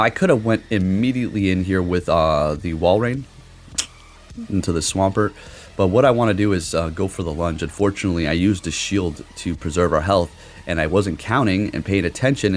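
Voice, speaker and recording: Low-voiced man narrating his own matches. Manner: excitable, swears now and then. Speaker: gaming commentator. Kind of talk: casual game commentary.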